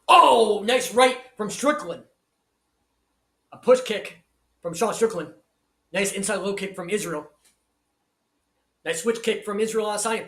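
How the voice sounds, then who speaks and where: A man's voice: high-pitched, roomy sound. A man giving crude, profane live commentary on a fight, swearing constantly and reading out viewer comments. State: shouting with excitement.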